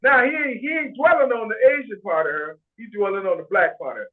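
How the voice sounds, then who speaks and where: A man's voice: sits high, quick pace. A man talking bluntly and swearing freely in a casual group video call. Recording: tinny phone-like video call audio.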